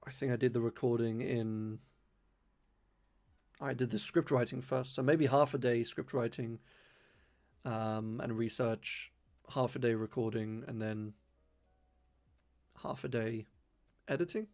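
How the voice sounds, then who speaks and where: A man's voice: mid-range voice, steady tone, unhurried, long pauses, a little mellow. A young man from London whose accent blends London speech with a slight Irish twang, chatting casually on a live-stream Q&A and rambling with many fillers. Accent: London mixed with slight Irish twang. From London, England. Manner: careful enunciation. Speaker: streamer answering viewer questions.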